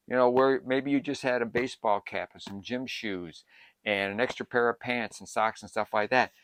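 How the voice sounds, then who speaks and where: Older man, lowish voice, eager and rambling prep advice, dry close recording. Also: smooth, no room sound. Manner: excitable, rambling, jumps between topics. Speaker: prepping channel host. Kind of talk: casual advice to camera.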